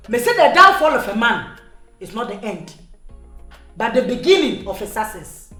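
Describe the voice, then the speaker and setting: An actress with a Ghanaian accent playing a bossy older sister who warns and lectures in a comedy skit. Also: female voice, fairly high pitch, very animated, moderate pace, bright, forceful tone. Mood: lecturing. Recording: echoey room with music behind.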